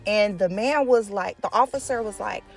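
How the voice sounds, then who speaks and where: A woman telling a story in a casual storytime vlog, animated and profane, acting out the people she quotes. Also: mid-range voice, normal speed, gravelly, faint music behind. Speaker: nail art vlogger telling a story.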